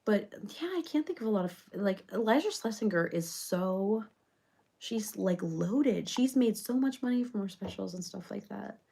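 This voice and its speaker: A chatty reality-show personality who rambles from one thought to the next and leans on constant fillers, played by a woman. Her mid-pitched voice has a gravelly fry running through it. The delivery is a loose comedic parody monologue. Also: expressive, normal speed, mellow. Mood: rambling.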